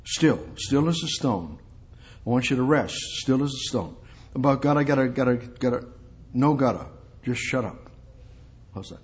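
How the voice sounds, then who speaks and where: A man giving an informal sermon in a folksy, repetitive way, often dropping to a hush. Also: medium pitch, animated, moderate pace. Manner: repetitive, folksy, drops to hushed tones. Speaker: preacher.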